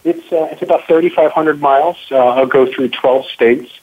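Phone-in guest, man, earnest, halting, tinny line. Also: fairly high pitch, slightly rough. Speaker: guest caller. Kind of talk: phone interview.

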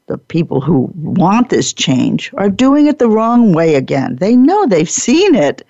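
A woman host tells a workplace parable with a lively, swooping voice that has a gravelly edge. She talks playfully and slips into the characters. The sound is dry and a little dull, as on a lo-fi recording. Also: low voice, moderate pace, hardly any pauses, dry recording. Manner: animated, playful, laughs often, acts out characters. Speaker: podcast host and workplace improvement speaker. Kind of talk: storytelling lecture.

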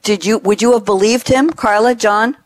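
A woman's voice: moderate pace, dry recording. A woman host chatting animatedly, telling a story and acting out the dialogue with big swings in her voice. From New York. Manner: expressive, acts out dialogue with big pitch swings.

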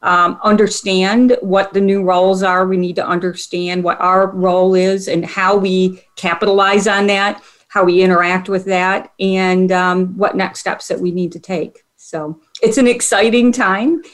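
A woman's voice: medium pitch, flat delivery, measured pace. Hesitant woman panelist. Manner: hesitant, many ums and you-knows. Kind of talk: casual panel discussion.

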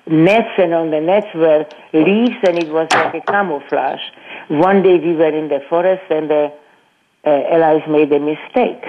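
An older woman, a Holocaust survivor who speaks to students, gives personal testimony as a guest in a radio interview. She tells her life story haltingly and earnestly, repeating words and restarting sentences, in a deep voice. The audio is tinny, like radio over a phone line.

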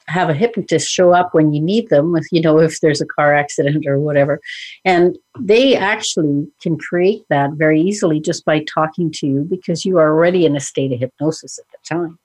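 Husky low-voiced woman podcast host. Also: brisk, darkish tone, no echo. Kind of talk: casual conversational chat.

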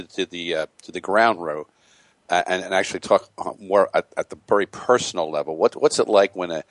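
A man hosting a radio interview, halting and repeating words as he asks his questions. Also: low voice, dry recording. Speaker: radio show host.

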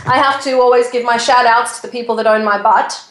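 A woman hosting a radio talk show, chatty and bubbly as she rattles off shout-outs. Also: a little high, steady tone, fast talker, reverberant, slight background noise, poor audio. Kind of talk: casual radio chat.

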